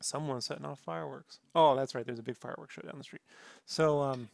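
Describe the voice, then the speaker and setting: A man's voice: mid-range voice, steady tone, brisk, gravelly, no room sound, studio quality. A man hosting a podcast in casual chat, teasing his co-host with sarcastic banter.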